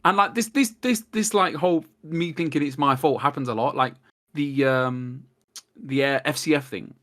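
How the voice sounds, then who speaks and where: Rambling, animated male podcast guest. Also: on the high side, normal speed. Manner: rambling, animated storyteller who acts out quotes. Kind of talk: casual podcast chat.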